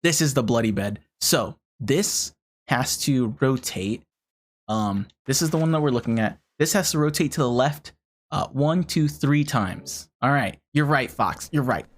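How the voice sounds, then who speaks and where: A game streamer giving casual live commentary, talking a puzzle through out loud and swearing often in frustration. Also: medium pitch, expressive, a little slow.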